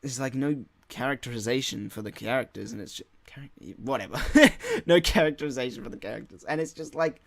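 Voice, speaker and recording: A man's voice: mid-range voice, brisk, gravelly, no room sound. Rambling, frustrated man in a dry recording. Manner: rambling, frustrated, heavy swearing and filler words. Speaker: gaming channel host. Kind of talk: casual solo podcast rant.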